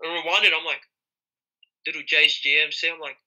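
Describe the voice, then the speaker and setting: A young man from Australia, a rapper and guest, telling his story with a very bright voice. He springs into high, surprised exclamations as he replays his own reactions. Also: flat delivery, normal speed, low-quality recording. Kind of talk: casual interview storytelling.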